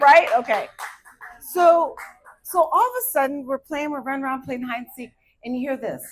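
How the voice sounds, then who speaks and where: A woman in her fifties from Arizona performing a stand-up comedy set, hyper and animated as she tells stories. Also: high-pitched, normal speed, rough recording. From Arizona, USA. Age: 50s.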